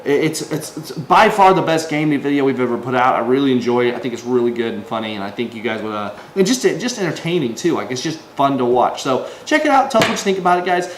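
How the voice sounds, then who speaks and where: Lively, chatty man in an echoey room. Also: medium pitch, quick pace, hardly any pauses. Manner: rambling and conversational, with many restarts and fillers; acts out quoted voices. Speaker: online preacher. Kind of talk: casual devotional video talk. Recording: echoey room with faint ambient noise.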